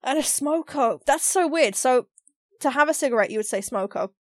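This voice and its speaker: Her high voice moves at a moderate pace with lively intonation as she co-hosts a podcast in a London Cockney accent. The chat is relaxed and full of laughter, with examples illustrating her explanations, and the sound has no echo.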